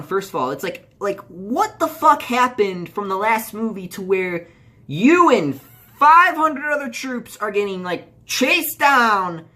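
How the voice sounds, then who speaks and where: A young man with a high, sharp voice gives a casual movie review on video. He rambles with restarts and fillers, swearing as he gets heated in his rant.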